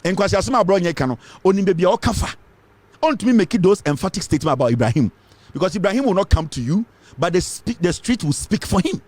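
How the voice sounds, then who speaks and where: Brief: Ghanaian male commentator, fiery and emphatic, raised pitch, very animated delivery. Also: quick pace, no room sound. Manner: fiery, emphatic, repeats points, mixes English with Twi. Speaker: political commentator. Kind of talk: impassioned political commentary.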